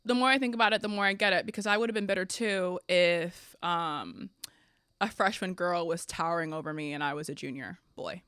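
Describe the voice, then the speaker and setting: Young woman podcaster telling stories, bright crisp voice, dry close mic, laughs a lot. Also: lowish voice, brisk, dry recording. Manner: animated, laughing, chatty with listeners. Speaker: podcast host. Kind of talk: casual storytelling.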